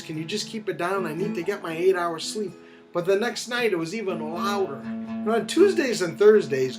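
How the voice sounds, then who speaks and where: A middle-aged man telling a comic personal story in an animated, self-deprecating way, with guitar music behind him. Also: high voice. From United States. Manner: animated, self-deprecating, acts out the voices of others.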